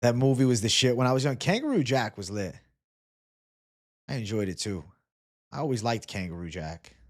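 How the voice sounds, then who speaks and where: A man's voice: mid-range voice, very animated, moderate pace, a little mellow. A man hosting a casual livestream, reading chat comments aloud and joking in a laid-back way with casual swearing. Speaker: livestream host.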